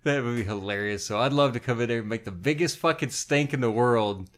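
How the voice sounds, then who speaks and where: A man co-hosting a podcast in an ordinary mid-pitched voice. He talks bluntly, swears a lot, and tells stories about customers in easy, casual chat. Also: a little fast, a bit bright. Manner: blunt, profane storytelling. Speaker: podcast co-host.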